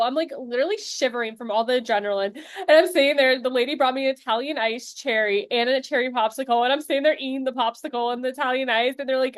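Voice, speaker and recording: A woman's voice: high voice, fast talker, dry recording, clean studio sound. A young woman co-hosting a podcast, chatting casually and laughing as she tells stories. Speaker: podcast co-host, new mother. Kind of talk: casual chat.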